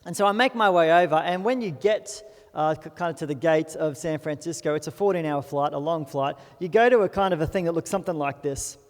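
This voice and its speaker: Aussie guy preaching, young, light high voice, long reverb in the room. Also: a little fast. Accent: Australian. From Australia. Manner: chatty storytelling with self-deprecating asides. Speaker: pastor. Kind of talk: sermon. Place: church auditorium.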